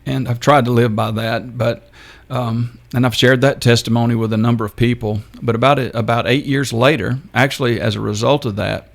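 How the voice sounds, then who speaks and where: An older man, a radio guest telling his story in a halting, unhurried way. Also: mid-range voice, fairly even intonation, gravelly. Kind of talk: interview storytelling.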